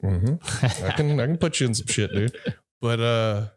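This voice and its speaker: A man's voice: mid-range voice, expressive, a little slow. A man who is a podcast guest, an actor and director, rambling through personal stories in a laid-back, profane way. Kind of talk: casual storytelling chat.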